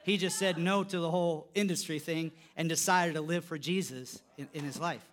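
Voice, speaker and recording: A man preaching a sermon, telling a story, his voice dropping soft for quotes and rising when he stresses a point. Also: steady tone, moderate pace, few pauses. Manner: storytelling, voice drops low for quoted lines and rises when emphatic. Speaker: pastor.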